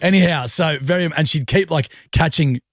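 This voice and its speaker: A man's voice: fairly high pitch, normal speed, no echo. A man co-hosting a radio show, telling stories in casual, jokey banter from a studio microphone. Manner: animated, jokey, acts out voices in his stories. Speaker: radio co-host.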